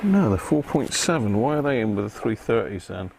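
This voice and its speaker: A man's voice: lowish voice, sing-song, fairly quick, creaky, darkish tone, slight background noise. A man hosting a live stream, chatting casually to viewers by name and muttering to himself as he works. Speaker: live-stream host repairing electronics. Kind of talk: casual live-stream chat while working.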